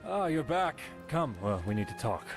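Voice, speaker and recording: An actor voicing a cautious, measured male guard captain in a video game. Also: fairly high pitch, sing-song, music in the background.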